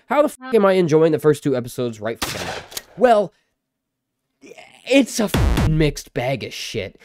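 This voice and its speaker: A man reviewing a show in a mock rant, swearing constantly with a sarcastic edge. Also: medium pitch. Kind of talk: profanity-laden mock rant.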